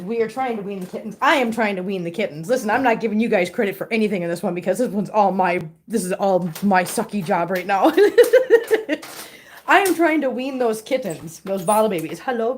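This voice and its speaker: A woman's voice: mid-range voice, lively intonation, normal speed, slight background noise. A middle-aged woman hosting a casual livestream, chatting to viewers and cooing baby talk at her kittens. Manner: answers viewer comments aloud. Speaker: livestream host with cats.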